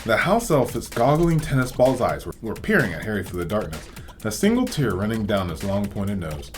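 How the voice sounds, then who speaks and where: A man reading a storybook aloud as host, with expressive, varied delivery. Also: lowish voice, normal speed, faint music behind. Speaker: reader, host.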